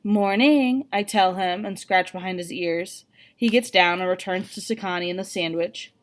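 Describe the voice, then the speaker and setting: A woman reading a novel aloud, with an expressive, even delivery. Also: fairly low pitch, normal speed. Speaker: reader.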